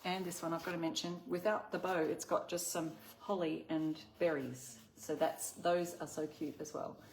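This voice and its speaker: A woman's voice: low-pitched, steady tone, normal speed, darkish tone. An Australian woman hosting a casual craft livestream, chatting and reading out viewer comments. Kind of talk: casual live-stream chat.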